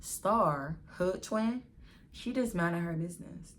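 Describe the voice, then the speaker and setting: A young woman vlogger telling a casual storytime in an animated, slangy way, acting out what people said. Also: fairly low pitch, slow pace.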